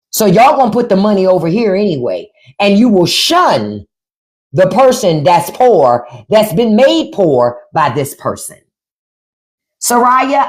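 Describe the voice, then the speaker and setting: Blunt, lively woman ranting to viewers. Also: on the low side. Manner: blunt, profane and sarcastic, addressing viewers directly; repeats phrases for emphasis. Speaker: livestream host. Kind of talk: unscripted livestream commentary.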